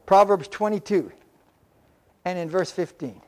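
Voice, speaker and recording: A man's voice: high voice, a little slow. An older man preaching a sermon in a folksy, conversational way, mixing scripture with homespun stories. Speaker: pastor.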